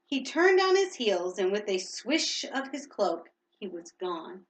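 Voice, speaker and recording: A woman's voice: medium pitch, very animated, a little slow, echoey room, poor audio. A woman reading a storybook aloud to a child at home, reading steadily and stopping now and then to ask questions.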